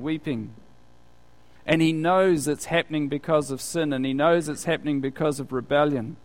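A man preaches a sermon in a relaxed, conversational way, asking his listeners rhetorical questions as he goes. His voice sits a little high for a man.

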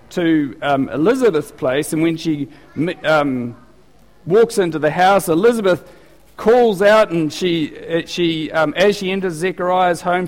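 A man preaching a sermon in a relaxed, conversational way, with lots of fillers and restarts, and a lively delivery. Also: fairly high pitch. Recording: long reverb of a hall.

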